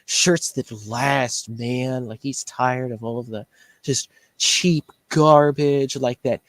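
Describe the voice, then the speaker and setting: A man's voice: steady tone, slow pace, a bit bright, no room sound. A man telling a story in casual chat, ranting about a rival and mimicking him. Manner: ranting, mimics others in a higher voice. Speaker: shirt shop owner.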